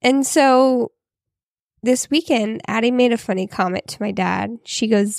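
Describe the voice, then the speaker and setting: A woman's voice: on the high side, slow pace, long pauses, no room sound, studio quality. A woman co-hosting a podcast, talking in casual chat with many fillers. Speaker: podcast co-host.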